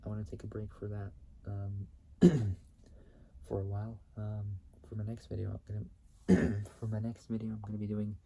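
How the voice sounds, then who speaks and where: Low halting man reading car facts. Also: monotone, vocal fry, dark tone, slight background noise, low-quality recording. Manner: halting, restarts and repeats phrases, corrects himself. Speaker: YouTube channel host.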